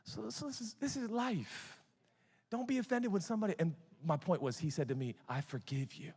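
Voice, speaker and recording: A man in his forties preaches with animated, conversational humor. His voice sits high for a man. The sound rings out with a long reverb, as in a large church auditorium. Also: brisk, breathy edge. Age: 40s. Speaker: pastor. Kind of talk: sermon.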